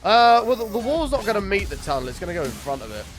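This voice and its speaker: Excitable guy streaming a game. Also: high voice, quick pace, faint music behind. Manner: excitable, swears, chats with viewers by name. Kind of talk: casual live-stream chat.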